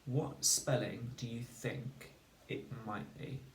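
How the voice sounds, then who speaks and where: Slow, deliberate man teaching phonics. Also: medium pitch, a little hiss or hum. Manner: slow, deliberate, sounding out words. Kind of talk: recorded spelling lesson. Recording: echoey room, mic at a distance.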